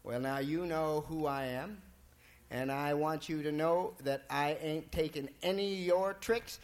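A man voicing a horned male devil with a gruff, commanding folksy way of talking. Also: fairly high pitch, a little slow, lightly acted. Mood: menacing. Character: horned male devil, menacing then pleading.

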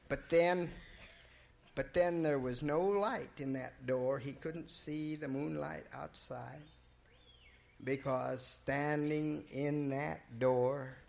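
A man telling a folk tale in a drawling, folksy, relaxed way. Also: a little high, creaky. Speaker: storyteller.

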